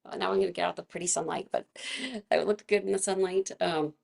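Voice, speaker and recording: Gravelly-voiced woman teaching a gentle class. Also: on the low side, steady tone, fairly quick. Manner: chatty and gentle, laughs often. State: slightly froggy voice from vocal fatigue. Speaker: movement class instructor. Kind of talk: casual live online class instruction.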